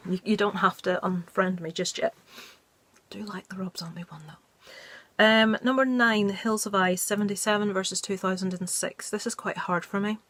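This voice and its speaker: A woman's voice: medium pitch, fairly bright tone, no echo. Blunt, jokey woman chatting about films. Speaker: movie review vlogger. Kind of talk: casual chat.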